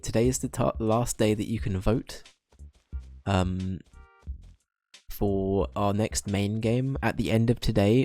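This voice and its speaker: A young man streaming a game and chatting loosely with his viewers. His voice sits fairly low, and he rambles, laughs and restarts sentences often. Soft game music plays faintly behind him. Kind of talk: casual game-stream chat.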